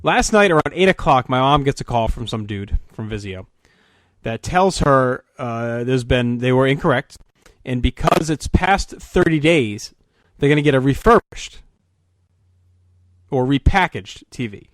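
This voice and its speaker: A man co-hosting a podcast, telling a long profane story as an animated rant in casual chat. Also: mid-range voice, measured pace, no room sound. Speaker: podcast co-host.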